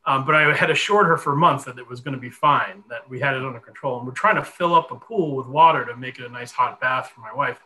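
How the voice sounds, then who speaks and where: Chatty man with a bright voice. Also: medium pitch, fast talker, few pauses, low-quality recording. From Connecticut. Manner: animated, chatty storyteller with many fillers. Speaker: guest. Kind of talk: storytelling in a podcast conversation.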